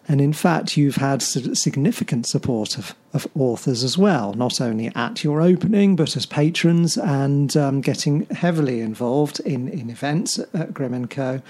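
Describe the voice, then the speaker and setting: An interviewer speaking in a measured, affirming way, summing up and asking follow-ups. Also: mid-range voice, warm tone. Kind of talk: conversational interview.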